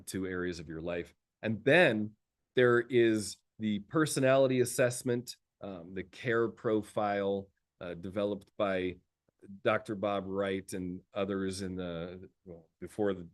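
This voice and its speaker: Animated male coach telling stories. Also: low voice. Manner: lively storyteller who laughs often; repeats words while thinking. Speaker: executive coach. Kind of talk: casual conversational talk.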